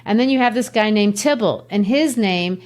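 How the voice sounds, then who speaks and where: A woman's voice: mid-range voice, normal speed, darkish tone. Chatty woman teaching literature. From Brazil. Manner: chatty, explains with asides and laughs. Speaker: literature teacher and podcast host. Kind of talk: conversational literature lesson.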